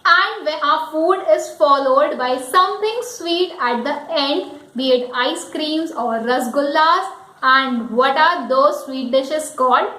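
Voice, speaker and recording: A woman with an Indian accent teaching English pronunciation, slowly repeating and spelling out words. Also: high-pitched, sharp tone, roomy sound, low-quality recording. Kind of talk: pronunciation lesson.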